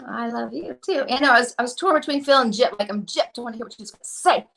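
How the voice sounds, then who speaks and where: A woman's voice: on the high side, lively intonation, quick pace, vocal fry, fairly bright tone. A woman chatting casually as a guest, rambling and self-deprecating, acting out little asides as she talks. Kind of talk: casual chat.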